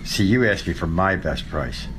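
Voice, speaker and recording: A man voicing a smooth adult male car salesman in a comedy skit clip, calm and matter-of-fact as he haggles. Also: deep voice, normal speed, noisy background, pitched below the performer's own voice. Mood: sly.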